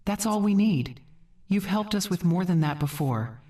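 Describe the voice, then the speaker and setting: A woman voicing a desperate adult daughter who pleads and begs, turning sharp. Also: on the low side, expressive, normal speed, far from the mic, natural voice. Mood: begging. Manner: pleading, tearful, rising to sharp.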